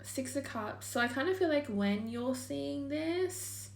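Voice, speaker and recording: A woman's voice: high voice, animated, measured pace, creaky, recorded from a distance, slight background noise. A young woman giving a casual tarot reading, thinking aloud in a loose, chatty way, with lots of likes and ums and the odd swear word. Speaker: tarot reader. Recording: echoey room.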